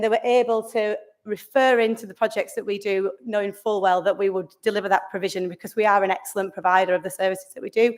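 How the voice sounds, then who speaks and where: Enthusiastic woman giving a conference talk. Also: mid-range voice. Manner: enthusiastic, with restarts and searching for words. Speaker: conference speaker. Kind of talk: conference presentation. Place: conference room.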